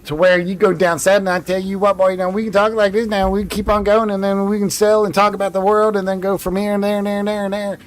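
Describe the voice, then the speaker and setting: A man voicing a fast-talking, folksy good-old-boy with a put-on Southern US accent, words jumbled together. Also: high voice, little pitch movement, voice pushed up, natural voice. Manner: rapid, run-together, folksy.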